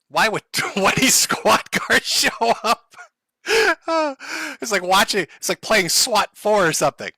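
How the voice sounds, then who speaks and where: A male streamer talks casually to his chat, sarcastic and quick to swear, with laughs breaking in. His voice is bright and a little high, and it swings widely in pitch. The sound is close and dry. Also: sing-song, dry recording.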